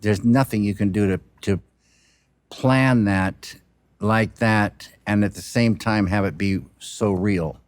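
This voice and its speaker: Slow, halting man reflecting on directing. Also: fairly low pitch, dry recording. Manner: halting, unhurried, trailing off and restarting. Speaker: film director. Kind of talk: reflective interview talk.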